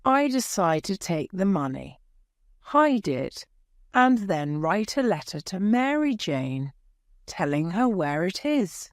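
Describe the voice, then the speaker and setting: A woman narrates a graded reader at a very slow, deliberate pace, in a somewhat low voice. The recording is dry and close, with no room sound. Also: big pitch swings, dry recording. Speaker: audiobook narrator. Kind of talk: slow scripted storybook narration for learners.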